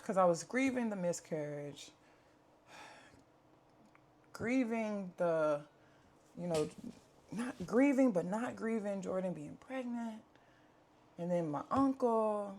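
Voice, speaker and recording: Talking to camera from home, a woman vlogger shares a candid life update in a chatty, earnest way full of fillers. Her mid-range voice is a little mellow and lively in intonation, and she speaks slowly, pausing often.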